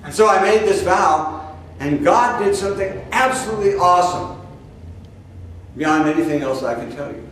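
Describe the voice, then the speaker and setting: A man's voice: high-pitched, expressive, moderate pace, a bit bright, slight background noise. Older man preaching in a roomy echo. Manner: folksy, conversational preaching with asides and rhetorical questions. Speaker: spiritual teacher. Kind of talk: spoken sermon. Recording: roomy echo, speaker far from the mic.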